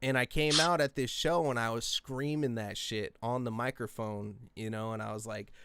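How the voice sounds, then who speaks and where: A man in his twenties telling rambling, profane stories in casual podcast chat, breaking into yelled quotes. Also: medium pitch, moderate pace, noisy background. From US West Coast. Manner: rambling, profane, animated, yelling out quoted lines.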